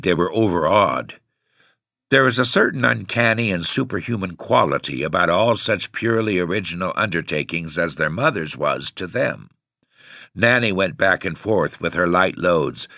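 A man reads a story aloud in an expressive audiobook style. His low voice has a gravelly texture and lively, rising and falling intonation. The recording is dry and close. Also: dry recording. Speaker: narrator. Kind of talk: audiobook narration.

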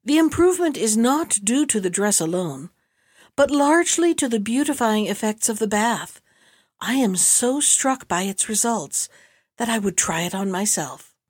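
A woman's voice: fairly high pitch, expressive, moderate pace, no echo, clean studio sound. A woman reading the part of a motherly noble wife of a vizier, speaking earnestly and pleadingly.

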